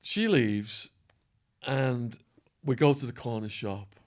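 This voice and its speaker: A man guest on a podcast, telling a wild story with lively acted-out quotes, swearing and laughing along the way. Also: mid-range voice, takes it slowly. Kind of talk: animated storytelling.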